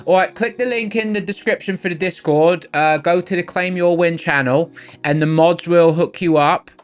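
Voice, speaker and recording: A man in his thirties with a Philadelphia American accent, hosting a livestream and chatting casually with viewers in a relaxed, rambling way full of fillers. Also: a little high, moderate pace, smooth. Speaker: livestream host.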